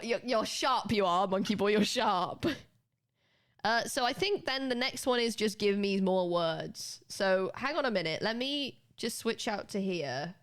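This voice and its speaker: A British woman streaming live, chatting casually and laughing often as she teaches a spelling lesson to her viewers. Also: mid-range voice.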